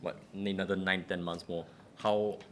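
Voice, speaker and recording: A man's voice: sits low, little pitch movement, normal speed, fairly bright tone, slight background noise. A man talking as a podcast guest, musing aloud and ending thoughts with a rhetorical "right?". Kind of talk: casual podcast chat.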